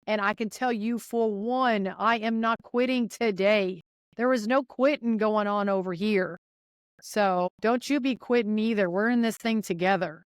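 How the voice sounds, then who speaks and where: A young woman hosting her podcast, giving listeners an energetic, chatty pep talk and speaking right to them. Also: medium pitch, a little slow, clear, resonant tone, dry recording, clean studio sound. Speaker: podcast host. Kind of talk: casual motivational monologue.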